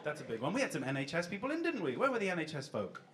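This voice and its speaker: A man's voice: on the high side, wildly swooping pitch, very fast, noisy background. A man doing a rambling, self-deprecating stand-up set, chatting with the audience from a club stage. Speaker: stand-up comedian. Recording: live club with loud crowd laughter. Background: audience laughing.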